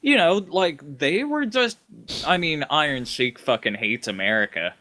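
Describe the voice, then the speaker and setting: A man's voice: fairly high pitch, measured pace, dry recording. A man co-hosting a casual podcast, hesitant with many fillers. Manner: hesitant, lots of fillers, animated. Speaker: podcast co-host. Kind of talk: casual chat.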